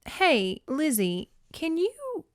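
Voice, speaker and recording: A woman's voice: high-pitched, huge pitch swings, extremely slow, no room sound, studio quality, pitched above the performer's own voice, full character voice. A woman voicing an exasperated, clever teenage girl in a dramatic, lightly raised voice while recapping a story.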